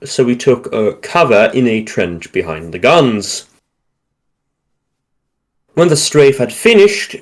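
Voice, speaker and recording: A man reading short war stories aloud on a livestream, stumbling and joking over dialect words. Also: mid-range voice. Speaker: livestream reader.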